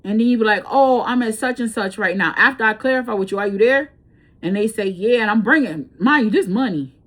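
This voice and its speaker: A woman's voice: a little high, brisk, fairly bright tone. Blunt, profane woman telling a story. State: breathing hard. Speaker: tarot reader. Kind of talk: casual storytelling chat.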